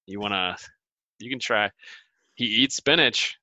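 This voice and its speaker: A man's voice: fairly low pitch, a little slow, pushed and bright, no echo. A man co-hosting a casual podcast, telling funny stories and laughing often. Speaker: podcast co-host.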